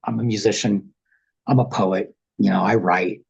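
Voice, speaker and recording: A man guesting on a video call, telling his experiences frankly and at length, with rough, profane, animated storytelling. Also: lowish voice, normal speed, dull audio. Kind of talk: casual storytelling interview.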